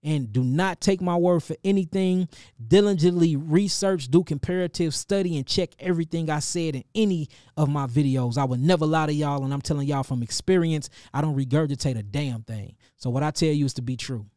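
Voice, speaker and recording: Man, St. Louis accent, middle-aged, livestream host, animated, preachy, slightly high voice, dry sound. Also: fairly quick, dry recording. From St. Louis, Missouri. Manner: animated, preachy, calls listeners family. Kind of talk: casual livestream shout-outs.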